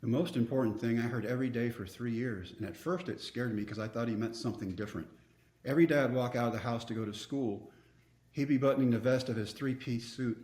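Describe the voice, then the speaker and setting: A man's voice: medium pitch, darkish tone, reverberant. A man, telling personal stories earnestly as a podcast guest. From Texas. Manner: earnest, reflective storyteller. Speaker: guest speaker. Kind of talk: storytelling interview.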